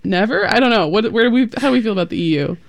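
A woman co-hosting a community radio show, with easy, chatty banter that keeps breaking into giggles. Her voice sits at a middle pitch. The studio sound is dry and close. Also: expressive, very fast, gravelly, no echo. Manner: chatty, giggly, reads out phone number and donation link. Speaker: radio co-host. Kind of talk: casual on-air chat.

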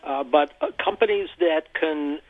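A man with a slightly high voice, heard over a tinny, phone-like line in a dry, close sound. He explains at length and keeps restarting and repeating words as he thinks. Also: unhurried, no echo. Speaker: interview guest, energy commentator. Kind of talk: phone-in radio interview.

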